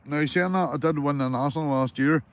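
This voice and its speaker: A man's voice: fairly high pitch, a little fast. Northern irish guy chatting away to his stream, calls everyone mate, bit of swearing, faint background hum. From Northern Ireland. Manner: easygoing banter, swears freely, says "mate" constantly. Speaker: livestreaming angler. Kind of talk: casual chat to livestream viewers.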